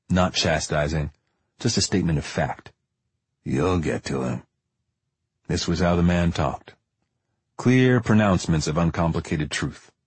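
A man giving measured, deliberate first-person audiobook narration in a dry storytelling manner. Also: deep voice, darkish tone, breathy edge, no room sound.

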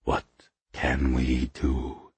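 A man's voice: extremely low pitch, completely flat delivery, very slow, a little mellow, husky, no room sound, exaggerated voice. A male narrator voicing a sly, suspicious leader of an underground community, speaking in a silky hiss. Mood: fierce. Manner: silky hissing voice; suspicious, cackling, grim.

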